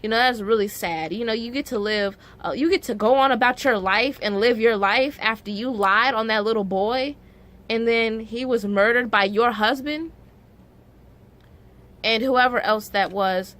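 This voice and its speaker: A woman's voice: on the high side, normal speed, a bit bright. A young woman vlogger telling a story in a casual, emotional way, full of "like" fillers and growing indignation.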